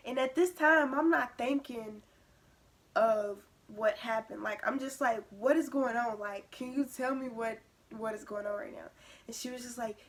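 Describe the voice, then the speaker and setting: A young woman vlogger telling a personal story in a casual, animated way, acting out what others said. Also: high voice, normal speed. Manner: animated retelling, acting out quoted lines.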